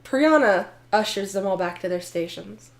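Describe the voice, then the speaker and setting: A woman playing a tabletop game, chatty and quick to laugh. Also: medium pitch, animated, gravelly. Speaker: player.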